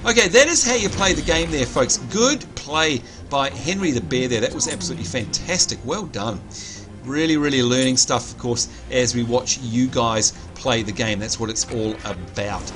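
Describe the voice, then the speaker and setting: A man, co-hosting a live game stream and chatting excitedly to viewers. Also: mid-range voice, moderate pace. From New Zealand. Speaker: livestream co-host. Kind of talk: live gaming commentary. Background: game music.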